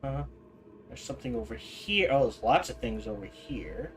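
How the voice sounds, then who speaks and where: A man livestreaming a game, reading in-game documents aloud quickly, stumbling over words and restarting, with casual asides in between. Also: medium pitch, very animated, faint music behind, low-quality recording. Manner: reads fast, stumbles and restarts, adds asides. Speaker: streamer.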